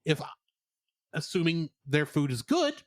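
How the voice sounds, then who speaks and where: A man co-hosting a podcast, giving an animated, sarcastic movie review in casual chat. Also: fairly high pitch, unhurried, dry recording, studio quality. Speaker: podcast co-host.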